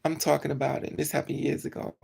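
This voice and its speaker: A streamer tells a story to live chat in a heavy, fry-laden voice with a rough, husky edge. The talk is blunt and full of swearing. They keep repeating and correcting details as they go. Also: mid-range voice, little pitch movement, a little fast, darkish tone. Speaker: livestreamer.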